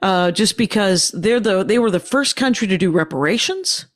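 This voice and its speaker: A woman from Wisconsin, a comedian on a panel, telling stories in a dry, deadpan way during casual chat. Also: mid-range voice, normal speed. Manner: dry, deadpan comic storytelling.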